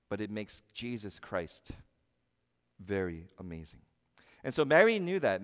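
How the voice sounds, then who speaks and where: A man's voice: on the high side, smooth. Emphatic preaching man, echoing hall. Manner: animated, emphatic preaching with rhetorical questions. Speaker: pastor. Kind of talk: sermon.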